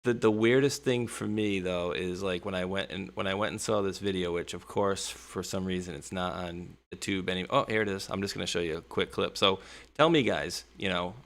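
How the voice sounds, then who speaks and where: Low gravelly-voiced host chatting. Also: male voice, fairly quick. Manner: laughs often, quiet, hesitant restarts. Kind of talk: casual livestream chat.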